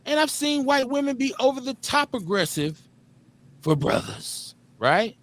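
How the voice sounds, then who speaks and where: A man's voice: very high voice, big pitch swings, measured pace, fairly bright tone. A man hosting a live talk show, joking, streetwise and profane in casual banter. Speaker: host.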